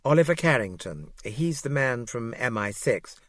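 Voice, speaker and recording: A man putting on a prim, aloof young secretary with a posh English accent, clipped and quiet in delivery. The voice stays at a middling pitch, dry and close like a studio audiobook read. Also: animated, moderate pace, dry recording, lightly acted.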